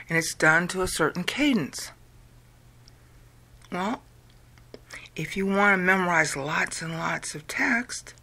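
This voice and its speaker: A woman from the United States explaining an idea to viewers, slow and deliberate, drawing words out and counting them aloud. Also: mid-range voice, fairly bright tone. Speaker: video lecturer. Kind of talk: explanatory talk.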